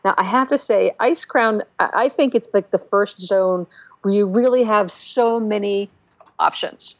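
A woman co-hosting a casual podcast, telling game stories with lots of fillers and restarts, and getting animated when she quotes other players. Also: mid-range voice, measured pace, no room sound. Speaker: podcast co-host. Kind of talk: casual chat about a video game.

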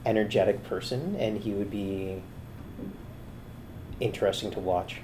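A woman's voice: extremely low pitch, a little slow, noisy background. A young Canadian woman with a Canadian accent, hosting a casual podcast chat in a playful, teasing way. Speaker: podcast host.

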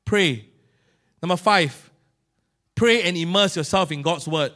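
A middle-aged man with a Singaporean English accent preaches a sermon, telling a story with Singlish particles and lively jumps in volume. His voice sits high, and he speaks at a normal speed.

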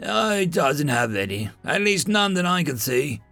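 A man's voice: on the high side, very animated, moderate pace, vocal fry, soft background music, voice pushed up, full character voice. Yaksha: a man doing a sarcastic spider alien. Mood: skeptical. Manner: skeptical, sharp-tongued. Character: wary six-armed spidery alien salvager, male.

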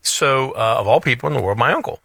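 A man's voice: mid-range voice, expressive, fast, vocal fry, bright, forceful tone, no room sound. A middle-aged man hosting a radio talk show, telling rambling stories with many restarts. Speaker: radio show host, financial advisor. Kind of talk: casual radio chat.

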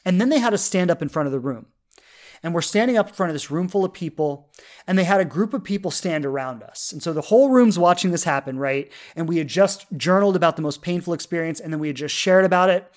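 A woman's voice: lowish voice, animated, quick pace. A woman in her thirties, a love coach, telling a personal story in an earnest, heartfelt way, full of fillers and restarts. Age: 30s.

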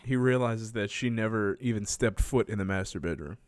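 A man in casual chat, chiming in with quick reactions and jokes. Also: fairly low pitch, dry recording.

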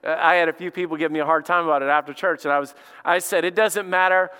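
A middle-aged pastor delivers a sermon, his voice high and bright. He preaches emphatically and talks to the congregation conversationally, repeating his phrases. The words ring out with a long reverb. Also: steady tone, fast talker, clear, resonant tone.

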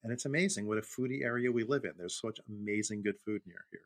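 A middle-aged Brooklyn man co-hosts a podcast, chatting casually in a lowish voice at a quick pace. He's a storyteller who tells anecdotes and acts out the voices in them.

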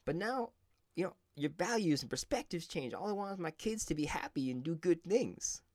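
A man doing a high-pitched impression of a boxer. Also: expressive, normal speed, darkish tone, no echo, clean studio sound, natural voice. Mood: dismissive. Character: impression of a famous retired heavyweight boxer, older man, laid-back.

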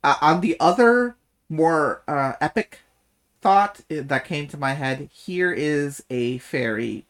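Animated man recapping a book. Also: on the high side, slow pace. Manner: animated, swears, laughs often. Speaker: podcast co-host. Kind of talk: casual book discussion.

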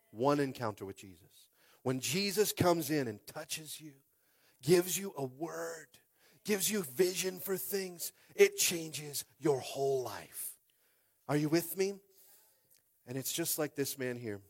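A pastor in his thirties preaching a lively sermon, acting out quotes and calling out to the congregation. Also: on the high side. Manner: animated, acts out quotes, keeps calling on the crowd.

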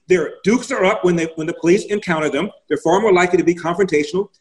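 Male guest commentator, emphatic, stat-heavy, slightly high voice. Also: animated, quick pace, poor audio. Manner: emphatic, rattles off statistics. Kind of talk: political interview.

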